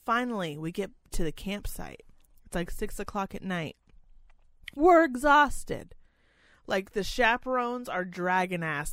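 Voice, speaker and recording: A woman chatting casually about a school trip as a chaperone, swearing freely and ranting with sarcasm, and mimicking other people in high mocking voices. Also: no room sound. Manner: profane, exasperated, sarcastic ranting. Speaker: parent chaperone telling a story. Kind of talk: casual storytelling chat.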